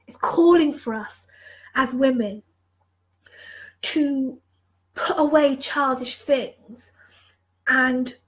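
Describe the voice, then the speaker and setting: A woman's voice: high-pitched, slow pace, a bit bright, low-quality recording. A woman leadership mentor giving an emotional, passionate motivational talk, repeating phrases for emphasis. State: emotional, moved. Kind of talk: motivational live talk to viewers.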